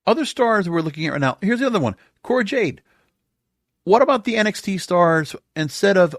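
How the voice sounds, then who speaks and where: A man's voice: high voice, expressive, fairly quick, no echo, studio quality. A man hosting a wrestling podcast, delivering a sarcastic, exasperated solo rant full of rhetorical questions.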